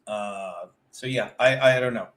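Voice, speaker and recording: A man's voice: on the low side, unhurried, a bit bright. A man hosting a livestream, telling a rambling, profane comic story and chatting with viewers as he goes. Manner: profane, tumbling, self-interrupting; chats with live viewers. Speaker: livestream show host.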